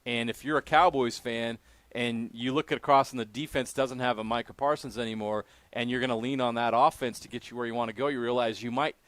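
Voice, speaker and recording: Measured man with a bright voice. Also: medium pitch, steady tone, no room sound. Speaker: sports radio host. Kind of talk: sports radio analysis. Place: radio studio.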